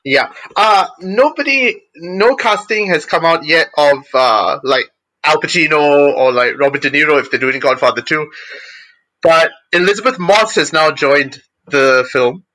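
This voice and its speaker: A man co-hosting a casual chat, animated and chatty as he shares movie news. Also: fairly high pitch, unhurried, rough recording.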